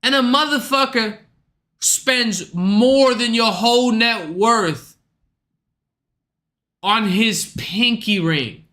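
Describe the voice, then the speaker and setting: A man's voice: extremely high pitch, takes it slowly, long pauses, pushed and bright. A young man streaming, ranting in a casual, profane, slangy way to his chat. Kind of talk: livestream rant.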